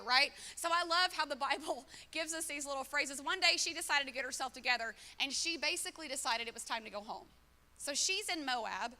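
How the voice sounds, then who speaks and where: Woman pastor, high bright voice, chatty sermon in a reverberant church. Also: moderate pace. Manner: conversational preaching with quoted dialogue. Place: church auditorium. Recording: long hall reverb.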